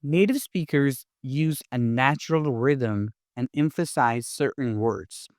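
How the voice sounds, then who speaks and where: Slow, deliberate male English teacher. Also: mid-range voice, a little mellow, dry recording, studio quality. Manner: clear, deliberate, instructive delivery. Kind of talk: scripted lesson narration.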